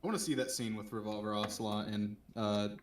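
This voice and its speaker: A man's voice: on the low side, fairly even intonation, fast talker. A man chatting loosely about games as co-host, swearing and laughing as he rambles. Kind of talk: casual gaming chat. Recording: echoey room, distant mic.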